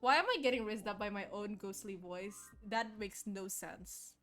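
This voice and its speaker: A woman's voice: mid-range voice, moderate pace, few pauses, fairly bright tone, soft background music. A young adult woman streaming a game, tossing in playful, joking asides. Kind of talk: live game stream commentary.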